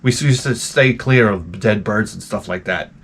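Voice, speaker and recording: A man's voice: on the low side, moderate pace, slightly rough. A man telling rambling, profane stories as a channel host and acting out his own reactions. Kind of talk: rambling casual monologue.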